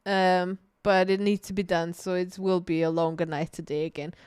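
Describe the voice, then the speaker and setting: A woman's voice: fairly low pitch, little pitch movement, moderate pace, a little mellow, clear, resonant tone, no room sound, clean studio sound. A woman co-hosting a podcast in casual chat, laughing often and swearing casually. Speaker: podcast co-host. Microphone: streaming mic.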